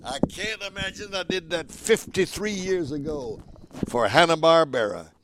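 A man's voice: a little high, normal speed, very noisy. Folksy old man in his nineties. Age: 90s. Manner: folksy, animated, chuckling. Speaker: guest, voice actor. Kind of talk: casual interview storytelling.

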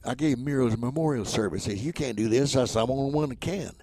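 An older entertainer, interviewed, tells anecdotes as an animated storyteller, acting out the dialogue of the people in them. He speaks fast at a medium pitch.

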